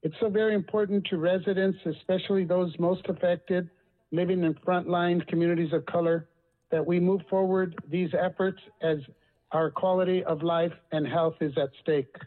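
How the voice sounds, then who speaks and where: A man's voice: sits high, fairly even intonation, moderate pace. A man who works as a community organizer, reading a formal public comment over the phone. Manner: formal, read-out statement. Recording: phone line with long reverb.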